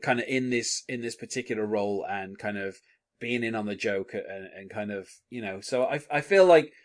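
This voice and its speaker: A man with a lowish voice, speaking at normal speed, hosts a podcast where he enthusiastically chats about a TV episode. The casual discussion is sprinkled with frequent chuckles and fillers.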